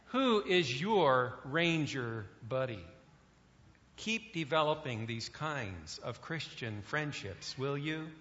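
Bright-voiced preacher in an echoey hall. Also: male voice, mid-range voice. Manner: earnest, with hesitating fillers. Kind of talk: sermon. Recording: echoey hall, dull lo-fi sound.

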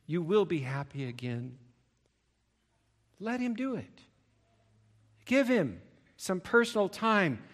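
A male preacher giving a sermon, emphatic, swinging between loud stressed phrases and low asides.

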